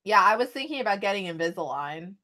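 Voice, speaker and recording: A woman's voice: medium pitch, lively intonation, fast talker, sharp tone. A young adult woman vlogging, talking casually and rambling to a phone camera she holds at arm's length. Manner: rambling, chatty, with frequent "like" and sighs. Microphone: phone camera held at arm's length.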